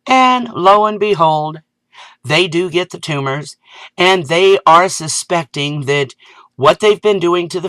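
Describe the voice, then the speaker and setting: A woman vlogger delivering an indignant, sarcastic rant that climbs into loud exasperation. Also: low voice, no room sound. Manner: sarcastic asides. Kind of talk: ranting video commentary.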